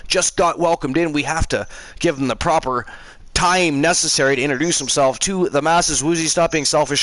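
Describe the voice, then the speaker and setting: A man's voice: fairly high pitch, fairly bright tone, poor audio. Teasing, rambling male stream host. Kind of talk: live stream banter.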